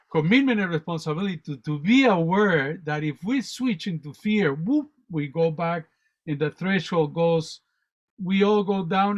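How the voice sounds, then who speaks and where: Man, radio guest, spiritual storytelling, animated, rambling, fairly high voice, dull lo-fi audio. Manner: animated, rambling, repeats words.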